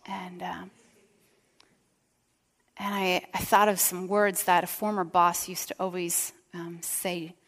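A woman's voice: fairly low pitch, flat delivery, takes it slowly, pauses often, a bit bright. A woman pastor preaching a sermon, storytelling with acted-out quotes and dropping to a whisper for emphasis. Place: church. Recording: church hall with long reverb.

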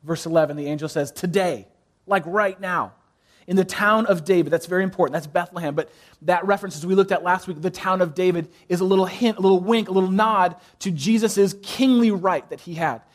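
A man preaching a sermon as pastor, pausing for effect, dropping soft on key phrases and asking the congregation to fill in words. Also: sits high.

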